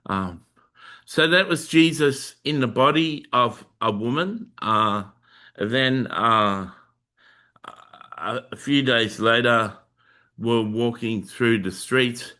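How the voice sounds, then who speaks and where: A man hosting his own channel, telling a personal religious testimony in a halting way with many filler sounds and restarts. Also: mid-range voice, pushed and bright. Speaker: Christian video host sharing testimony.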